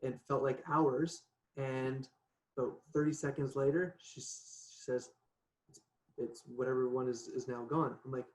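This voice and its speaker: Male guest, mid pitch, animated casual storyteller, echoey video call audio. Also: moderate pace. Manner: chatty, animated, laughs often, says "right?" a lot. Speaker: podcast guest. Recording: echoey room.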